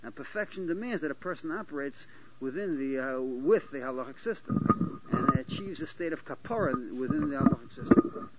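A man giving a Talmudic lecture to a small class, halting and restarting often and checking that his listeners follow. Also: fairly high pitch, sing-song. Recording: dull lo-fi lecture recording with faint hiss.

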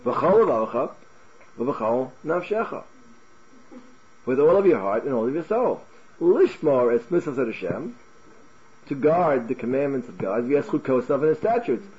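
A man teaching a Talmud class in an animated way, firing off rhetorical questions and restarting his words. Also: medium pitch, a little slow, long pauses, lo-fi sound. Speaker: Torah teacher.

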